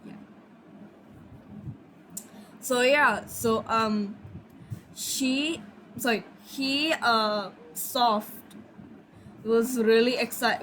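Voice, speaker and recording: A woman's voice: on the high side, slow pace, pauses often, fairly bright tone, a little hiss or hum, poor audio. Sleepy, rambling young woman storyteller. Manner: rambling, apologetic, trailing off. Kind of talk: casual fanfic storytelling.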